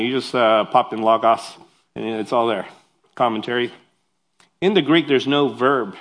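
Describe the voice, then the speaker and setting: A pastor preaching a sermon. He reads scripture aloud, explains it, and adds humorous, self-deprecating asides in a lively way. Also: mid-range voice.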